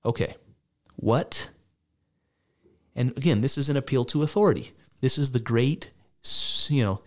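A man's voice: mid-range voice, darkish tone. A man giving sarcastic, exasperated and profane reaction commentary on a debate. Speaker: political commentator.

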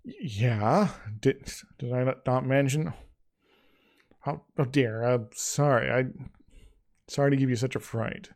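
A man's voice: medium pitch, takes it slowly, pauses often, darkish tone. Man playing a breezy, teasing young guy. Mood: casual. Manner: breezy, teasing, stumbling restarts.

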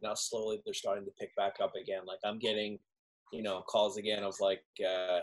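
A man co-hosting a podcast, chatting in a laid-back, even-tempered way. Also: on the low side, a little fast, rough recording. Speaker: podcast co-host. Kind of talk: casual chat.

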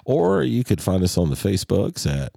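A male podcast co-host with a very deep, gravelly, husky voice that swings widely in pitch. His laid-back chat sounds dry and close. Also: huge pitch swings, normal speed, warm tone, no room sound.

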